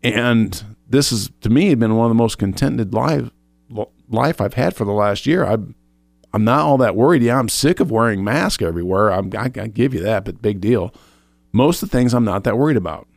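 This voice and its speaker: A man's voice: fairly low pitch, moderate pace, vocal fry, no echo. Earnest man telling a faith story. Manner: earnest, animated retelling with self-quoting and restarts. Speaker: co-host of a faith show. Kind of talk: personal testimony in casual chat.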